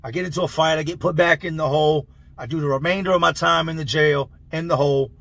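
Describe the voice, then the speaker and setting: A man telling a long story in a loose, slangy, animated way. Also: on the high side, quick pace, vocal fry, dry recording. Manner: loose, slangy, animated, laughs through the tale. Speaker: channel host telling prison stories. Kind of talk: casual storytelling.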